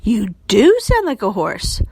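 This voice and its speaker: A woman's voice: medium pitch, huge pitch swings, measured pace, a little mellow, breathy edge, no echo, heavily acted. A woman voicing a kind, cheerful woman schoolteacher who sounds friendly and encouraging.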